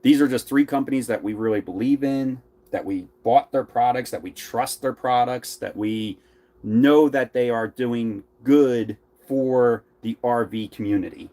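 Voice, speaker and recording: A man's voice: medium pitch, unhurried, warm tone. Chatty man with a Philly accent. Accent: Philadelphia. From Philadelphia. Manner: rambling, friendly, laughs often. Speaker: RV vlogger co-host. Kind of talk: casual chat.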